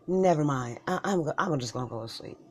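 Husky voice doing a solo couple-argument skit, lots of cussing and slang, mumbly asides. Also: mid-range voice, lively intonation, fairly quick, a little mellow. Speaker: comedic podcaster. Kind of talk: solo comedy skit voicing a bickering couple.

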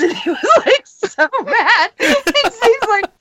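A woman guest on a ministry talk show, telling stories in a lively, rambling way and laughing often. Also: extremely high pitch, unhurried, hardly any pauses. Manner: animated storytelling, laughing often. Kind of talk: casual chat.

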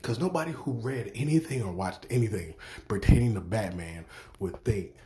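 Young male podcaster, low-pitched, profane and exasperated, circles back and repeats himself. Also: animated, normal speed, warm tone, slight background noise. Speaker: podcast host. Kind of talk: profane ranting review.

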